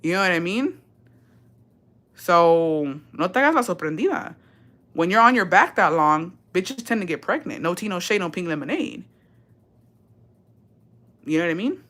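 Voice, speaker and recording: A woman's voice: lowish voice, expressive, normal speed, long pauses, a bit bright. A young woman, ranting on a live stream in a profane, sassy and confrontational way, slipping into Spanish. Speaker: vlogger.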